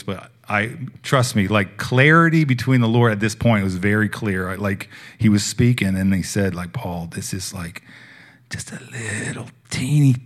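A young man preaching, telling a personal faith story in a casual, heartfelt way that swings between hushed and loud. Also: lowish voice. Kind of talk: sermon testimony.

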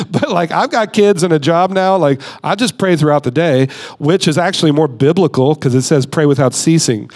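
A high-voiced man in his thirties, sounding like a guest speaker, delivers a sermon in a relaxed, conversational style with a darkish tone. He presses his points with emphasis and drops into quick mock voices to play the people he talks about.

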